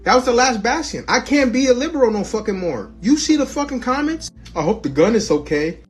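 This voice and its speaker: A man's voice: extremely high pitch, big pitch swings, fairly quick, faint music behind. A man ranting heatedly and swearing constantly in a casual video. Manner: heated, profane rant.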